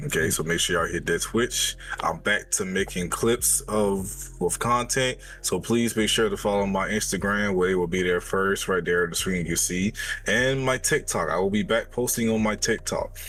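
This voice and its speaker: A man's voice: deep voice, moderate pace, a bit bright, faint music behind. A man talking as a podcast guest in casual chat, laid-back and slangy. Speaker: guest streamer.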